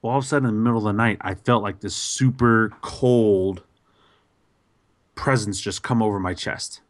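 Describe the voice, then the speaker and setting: A man's voice: on the low side, moderate pace, dry recording. Man telling a story, dry close mic. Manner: animated, lots of fillers and restarts. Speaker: podcast host. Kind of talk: casual storytelling.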